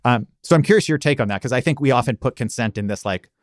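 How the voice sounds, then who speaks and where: A man's voice: mid-range voice, lively intonation, quick pace, dry recording, studio quality. An American man hosting a podcast, chatty and self-deprecating, often restarting his sentences. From United States. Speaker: podcast host. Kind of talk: conversational podcast interview.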